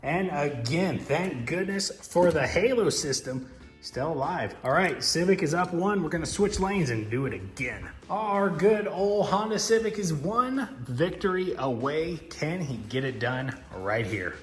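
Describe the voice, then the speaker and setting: A man hosting diecast car races, giving excited sports-style race commentary and calls. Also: fairly high pitch, measured pace. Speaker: diecast racing host. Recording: echoey room with music.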